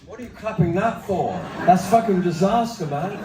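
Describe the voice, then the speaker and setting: A man's voice: high voice, animated, moderate pace, far from the mic, crowd noise, background noise. A man in his seventies, a singer-songwriter performing live, telling rambling, profane, self-mocking stories between songs in a sold-out music hall. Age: 70s. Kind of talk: onstage storytelling between songs. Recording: roomy hall sound from the audience area. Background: acoustic guitar and audience.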